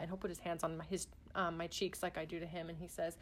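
A woman's voice: on the low side, fairly even intonation, fast, hardly any pauses. A woman who is a parent, talking in a casual, earnest way with many fillers and restarts. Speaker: parent guest on a podcast. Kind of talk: casual chat.

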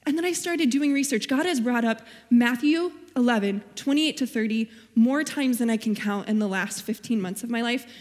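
Woman, young adult, guest speaker, earnest sermon, personal stories, slightly high pitch, long hall echo. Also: moderate pace, hardly any pauses, darkish tone. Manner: earnest, personal storytelling with Bible quotes.

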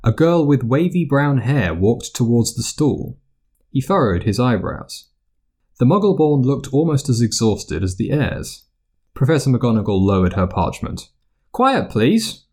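Man reading a story aloud, lively intonation. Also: medium pitch, measured pace, breathy edge. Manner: expressive storytelling. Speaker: narrator. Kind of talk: audiobook reading of fiction.

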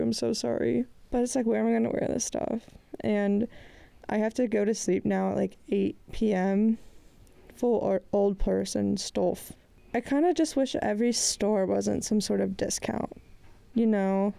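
Woman, 20s, solo podcast host, head cold, gravelly and raspy, dark tone, chatty and rambling. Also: mid-range voice, dry recording. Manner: rambling, chatty, frequent "like" fillers, laughs often. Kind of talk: casual solo podcast chat.

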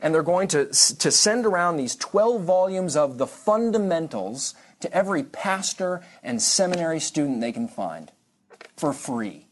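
A man's voice: fairly high pitch, sing-song, measured pace. A man giving a church history lecture to a congregation class, conversational and digressive, with frequent restarts and dry asides.

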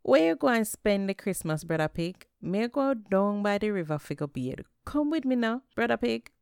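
A woman with a Jamaican accent voicing Anansi, a crafty male spider trickster, in a high wheedling voice for a told folktale. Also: very animated, normal speed, creaky, darkish tone, smooth, no echo, clean studio sound. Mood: coaxing.

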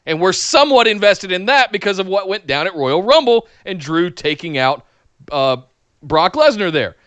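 High, bright-voiced sarcastic man. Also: very animated, normal speed, clear, resonant tone, no echo. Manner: exasperated, sarcastic, emphatic. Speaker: podcast co-host. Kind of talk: casual wrestling commentary chat.

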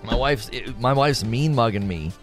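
Hosting a casual livestream from a room at home, a man reads viewer comments and rants with plenty of laughter. He is animated, his pitch rising as he rants, at a moderate pace with faint music behind him.

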